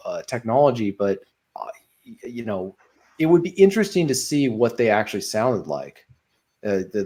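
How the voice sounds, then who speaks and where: A man's voice: lowish voice, darkish tone. Rambling man chatting on a video call. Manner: rambling, digressive, frequent um and uh. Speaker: guest. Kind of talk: casual podcast chat.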